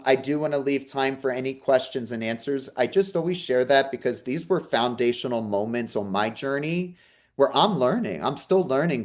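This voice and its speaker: A man working as a psychic medium in an online talk, earnestly relaying messages and reassuring the listener over a video call. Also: mid-range voice. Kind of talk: live online talk and reading.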